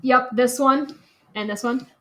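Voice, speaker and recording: Bright, high-voiced teacher in an echoey classroom. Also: female voice, steady tone, a little slow. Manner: upbeat, laughs easily with students. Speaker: math teacher. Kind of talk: classroom geometry lesson. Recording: echoey classroom, faint noise.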